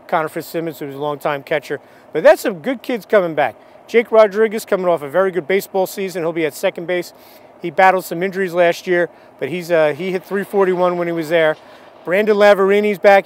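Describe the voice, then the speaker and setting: A man giving a conversational local baseball preview, reeling off players and records with frequent fillers. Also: sits high. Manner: conversational, fact-heavy rundown with fillers. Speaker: sports analyst. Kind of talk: local radio sports preview.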